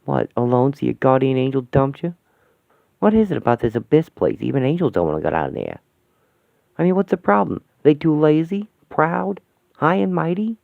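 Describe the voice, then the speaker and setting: A man's voice: mid-range voice, animated, moderate pace, vocal fry, no room sound. A man voicing a brash, blunt, sarcastic older woman in a radio play. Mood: scared, sarcastic. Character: brash loud-mouthed older woman companion. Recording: thin phone-like, dry sound.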